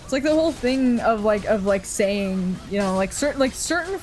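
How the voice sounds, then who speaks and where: A woman streamer with a slightly high voice rambles loosely as she plays. She swears freely, laughs easily and keeps a running casual chat, with soft music playing faintly underneath. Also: lively intonation, moderate pace. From Canada. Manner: rambling, profane, frequent laughs.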